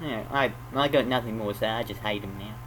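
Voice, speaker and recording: A man voicing a grumpy pet dog who gives a slow, sullen opinion and trails off quietly. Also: fairly low pitch, a little hiss or hum, lightly acted, rough recording.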